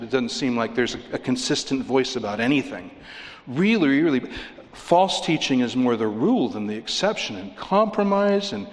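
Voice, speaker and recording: Emphatic preacher in a reverberant hall. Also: male voice, on the high side. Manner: emphatic, conversational, asks the congregation questions. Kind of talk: sermon.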